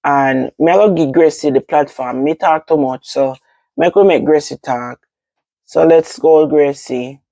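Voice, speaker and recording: Mellow Jamaican woman hosting a vlog. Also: deep voice, measured pace, no room sound. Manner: relaxed, rambling with Patois phrasing. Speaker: host. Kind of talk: casual vlog talk.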